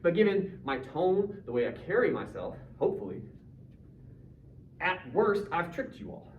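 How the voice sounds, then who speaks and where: A high school English teacher with a voice that sits high and swings widely in pitch leads a casual, joking class discussion at a moderate pace, quizzing his students. The recording is from far off in a roomy classroom, dull and faintly noisy.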